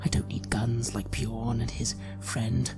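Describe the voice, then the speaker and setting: A man speaks in a whispered role-play, slow and menacing. His voice is gravelly with heavy fry, and his delivery drags at a very unhurried pace. Clear music plays behind him. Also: medium pitch, steady tone. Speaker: player.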